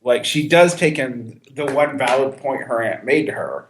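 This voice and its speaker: A man's voice: mid-range voice, lively intonation, moderate pace, roomy sound, slight background noise. A man co-hosting a podcast, chatting casually about a film with many restarts and some laughter. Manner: conversational, with frequent restarts and a little laughter. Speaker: podcast co-host.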